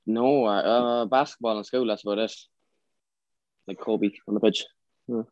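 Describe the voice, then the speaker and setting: A man's voice: fairly low pitch, steady tone, moderate pace, darkish tone, no room sound. A young Irish man, a boxer, chatting as a podcast guest in a laid-back way with short replies. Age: young adult. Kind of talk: casual chat. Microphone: online call. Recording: dry, muffled lo-fi audio.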